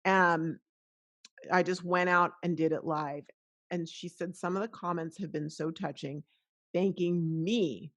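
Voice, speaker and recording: Middle-aged woman podcaster, lowish voice, earnest and emotional, keeps restarting her sentences. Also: vocal fry, a bit bright. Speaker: podcast host. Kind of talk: casual motivational monologue.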